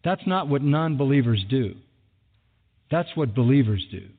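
A man's voice: medium pitch, expressive, measured pace. A man preaching a sermon as a pastor, emphatic and driving points home with repeated phrases. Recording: thin phone-like sound with long hall reverb.

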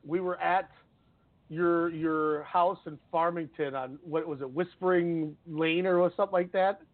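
A man's voice: a little high, steady tone, measured pace, dry recording. A man hosting sports radio, telling stories in a rambling, emotional way. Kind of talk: casual sports talk. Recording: dry, tinny phone-like line.

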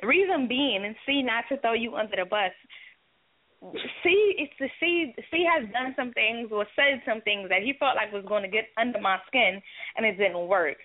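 A woman's voice: on the high side, brisk. A woman co-hosting a casual call-in talk show, telling a candid personal story, acting out the dialogue and swearing freely. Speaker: co-host. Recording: tinny phone-line audio.

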